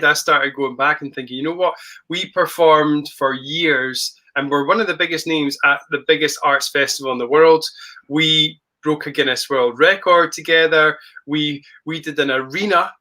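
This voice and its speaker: A man's voice: on the high side, moderate pace, sharp tone. A man co-hosting a podcast, joking and playful in casual banter. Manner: jokey, playful. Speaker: podcast co-host.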